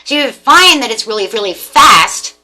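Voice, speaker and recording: Bright-voiced woman giving a tarot reading. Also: fairly high pitch, moderate pace, soft background music. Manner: animated, repetitive, acts out voices of the people in the reading. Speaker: tarot reader.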